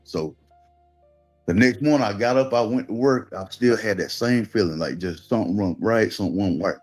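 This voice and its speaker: A man's voice: lowish voice, normal speed, soft background music. A man with a Southern Georgia accent, telling a personal story in casual talk and acting out what others said. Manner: relaxed storytelling with quoted voices. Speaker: guest telling his story.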